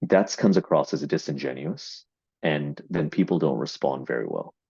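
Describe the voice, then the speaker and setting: A man's voice: a bass voice, big pitch swings, normal speed, gravelly, darkish tone, slightly rough, dry recording. A man explaining AI marketing in a business discussion, with many fillers and repeated words. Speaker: AI investment marketing executive. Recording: dull, dry lo-fi audio.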